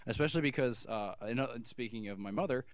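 A man's voice: mid-range voice, quick pace, no echo. Rambling, swearing man in casual chat. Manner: rambling, swears often, many restarts. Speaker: podcast co-host.

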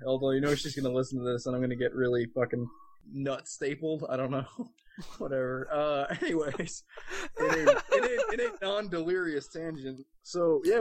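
A young man with a New Jersey accent rambles through a casual podcast chat, stumbling over words because of a slight speech impediment. He is on cold medicine, and his talk is loose, halting and full of fillers and swearing. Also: mid-range voice, slight background noise. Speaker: podcast co-host.

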